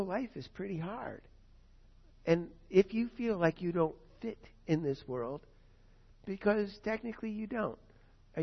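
A man with a slightly high voice preaches in a relaxed, conversational way, with fillers and prayers spoken as if they were his own. The recording is dull and lo-fi. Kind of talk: sermon. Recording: dull lo-fi sound.

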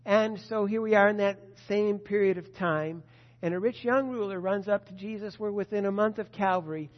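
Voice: medium pitch, fairly even intonation, normal speed, highs cut off. Preacher telling Bible stories in an echoing hall. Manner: storytelling with rhetorical questions, addresses a disciple directly. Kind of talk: sermon on scripture.

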